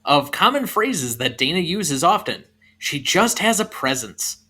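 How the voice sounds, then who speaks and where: A male podcast co-host ribs his partner with wry jokes, then steers the segment forward. His voice is bright and sits slightly high. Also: big pitch swings, a little slow. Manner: wry, teasing. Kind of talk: casual movie podcast chat.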